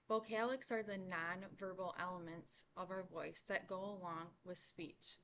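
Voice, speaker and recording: A young woman giving a class presentation, explaining points in a measured way and slowing on key words. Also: fairly low pitch, fairly bright tone, slight background noise. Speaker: student presenter.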